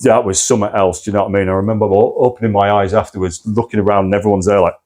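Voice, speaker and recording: A man's voice: lowish voice, fairly even intonation, very fast, a little mellow. A man recounting a personal crisis as a podcast guest, intense and swearing often. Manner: intense, swears often, acts out his own past cries. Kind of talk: candid personal story.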